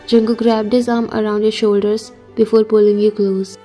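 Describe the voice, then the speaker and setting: Woman narrator, story read-aloud, steady, mellow. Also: medium pitch, normal speed, faint music behind.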